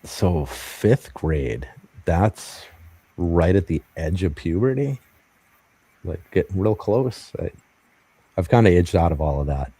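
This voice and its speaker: A man hosting a casual livestream chat, greeting viewers and chiming in with short, relaxed remarks. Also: low-pitched, slow pace, pauses often, husky, no echo. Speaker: host.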